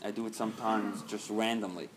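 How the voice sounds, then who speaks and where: A man's voice: lowish voice, fairly even intonation, a little fast, a little hiss or hum. Earnest man leading a recovery group. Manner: earnest, swings from soft to loud and emphatic. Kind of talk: recovery meeting talk.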